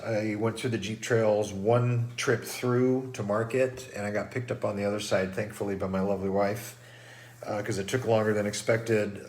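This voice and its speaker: A middle-aged man with a somewhat low voice gives a pre-race briefing to runners, stuffed up and congested from trail dust. He talks casually and loosely, full of ums and restarts, like a race director chatting through the rules. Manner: casual and rambling, many fillers and restarts.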